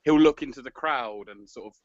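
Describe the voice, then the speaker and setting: A man's voice: medium pitch, fairly quick, no echo. A man co-hosting a boxing podcast, chatting in a rambling, casual way. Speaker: podcast co-host. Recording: dry lo-fi podcast audio.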